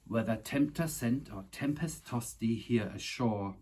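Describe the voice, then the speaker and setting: A man's voice: mid-range voice, measured pace, a little mellow, husky. A man reciting a long poem from memory in a dramatic, declamatory way. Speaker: poetry reciter.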